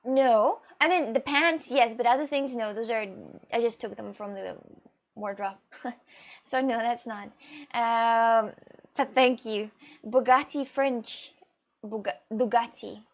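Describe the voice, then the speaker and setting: A Russian woman with a Russian accent streams and casually answers viewer questions in a fairly high voice, a little slowly. She rambles expressively, laughing and swearing often.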